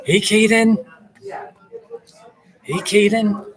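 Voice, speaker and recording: A man's voice: sits high, fairly even intonation, drawn-out words. A man hosting a casual livestream from a busy coffee shop, chatty and playful as he reads questions aloud. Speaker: livestream host. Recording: noisy coffee shop crowd. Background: loud crowd chatter.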